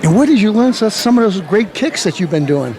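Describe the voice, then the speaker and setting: Male host, high voice, wildly swinging pitch, hammy hype-man patter, faint crowd behind. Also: fairly quick. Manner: animated, playful hype-man delivery. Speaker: show host. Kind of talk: hammy showman commentary and interviews.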